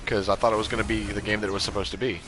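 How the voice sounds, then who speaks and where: A man streaming a game with a friend, chatting casually and breaking into high yelps and laughter. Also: level tone, very fast, pushed and bright, a little hiss or hum. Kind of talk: casual live-stream gameplay chat.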